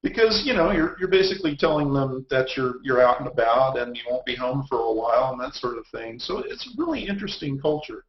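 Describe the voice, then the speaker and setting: A Texan man chats as a guest in a wry, rambling way and restarts his sentences. His voice sits mid-pitch. It comes through an echoey, dull, lo-fi web call. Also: sing-song, fast talker, hardly any pauses. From Texas. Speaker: guest author. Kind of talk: casual chat. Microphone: video call.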